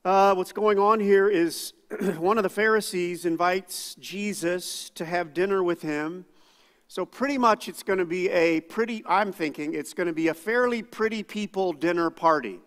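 Man, pastor, casual sermon, high voice, reverberant sanctuary. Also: fairly bright tone. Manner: conversational, self-deprecating preaching with asides. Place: church sanctuary.

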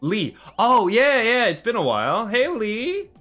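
An excitable man streaming a game, his voice bright and crisp and swinging widely up and down. He yelps, swears at the screen and breaks into playful meowing between casual chat. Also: sits high, normal speed, faint music behind.

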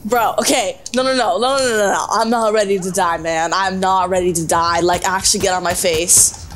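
A woman's voice: medium pitch, fairly even intonation, a little fast, fairly bright tone. A young woman hosting a gameplay segment, reacting in panicky, laughing bursts while she plays. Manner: panicky, yelping, laughing asides. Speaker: game show host. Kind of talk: excited gameplay commentary. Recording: voice with game music behind.

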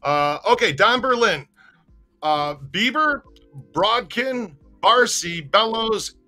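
A man's voice: sits high, lively intonation, takes it slowly, sharp tone, soft background music. A man hosting a live stream, chatting and reading viewer comments aloud, often stumbling over names. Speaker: host.

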